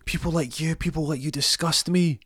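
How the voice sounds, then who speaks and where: A man's voice: a little high, steady tone, fairly quick, fairly bright tone, husky, no room sound, studio quality, pitched above the performer's own voice. A man voicing a threatening young male dealer who mocks and menaces, in a raised voice. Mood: menacing. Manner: threatening, mocking.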